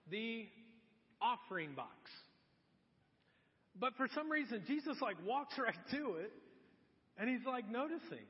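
Male pastor, very high voice, conversational sermon, dull echoey hall sound. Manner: storytelling, conversational and earnest. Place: church sanctuary.

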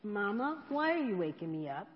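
A woman's voice: mid-range voice, big pitch swings, normal speed, lightly acted. A woman voicing a curious little bear cub, echoey hall. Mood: wondering. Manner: eager, wondering questions. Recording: dull echoey church hall.

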